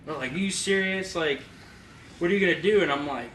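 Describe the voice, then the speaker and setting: Young male podcast co-host, slightly high voice, laughs through his stories, mic set back in an echoey room with noise. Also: fairly quick, a bit bright, recorded from a distance. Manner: laughing often while telling a story. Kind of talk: casual storytelling.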